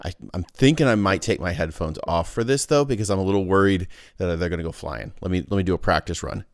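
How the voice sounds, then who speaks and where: A man's voice: low-pitched, fast talker, no echo, clean studio sound. A man hosting his own podcast, talking in a goofy, rambling casual monologue full of restarts. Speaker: podcast host.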